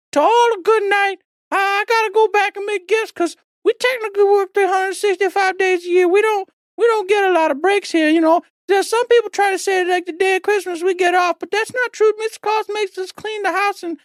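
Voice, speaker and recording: A man's voice: very high voice, fairly quick, hardly any pauses, dry recording, pitched above the performer's own voice. A man putting on the voice of a chatty, grumbling male Christmas elf who rambles in a folksy, pleading way during a comic podcast bit. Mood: fired up. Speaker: podcast host.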